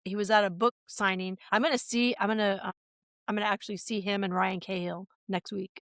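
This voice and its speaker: A woman chatting on a podcast, telling stories in a rambling, animated way with many restarts. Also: medium pitch, fairly quick, no room sound, clean studio sound. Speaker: podcast guest. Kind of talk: casual podcast chat.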